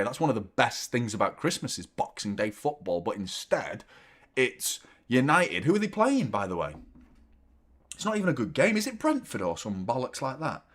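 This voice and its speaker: A man, chatting casually and self-mockingly as host of a football watchalong stream, swearing freely. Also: on the low side. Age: 30s. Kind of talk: casual live-stream chat.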